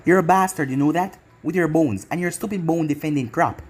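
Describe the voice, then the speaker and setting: A fan narrator voicing a brash young male ninja who taunts and swears at his enemy, in an even, middle-pitched voice. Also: brisk, husky, close to an everyday voice. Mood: taunting.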